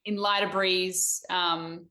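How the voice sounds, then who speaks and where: Young woman, lowish voice. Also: little pitch movement, slow, pushed and bright, a little hiss or hum. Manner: explains technical details plainly. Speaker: guest, elite sailor. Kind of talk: casual interview chat.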